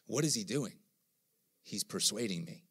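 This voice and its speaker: A man's voice: lowish voice, moderate pace, gravelly, breathy edge. A middle-aged man preaching a sermon, telling stories and acting out the voices he quotes. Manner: animated storytelling, acts out quoted voices.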